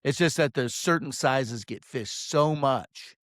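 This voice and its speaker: A man who works as a fishing guide tells a story in a casual, rambling monologue. He swears freely and fills his pauses with "um". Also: medium pitch, a bit bright, no echo, clean studio sound. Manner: rambling, profane, many "um"s.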